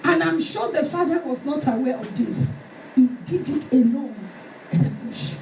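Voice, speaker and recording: A woman preacher delivering a fervent sermon, shouting and acting out stories. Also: high-pitched, normal speed, a little hiss or hum. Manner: fervent, shouting, dramatic retelling. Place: church hall. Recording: echoey hall from far off with music.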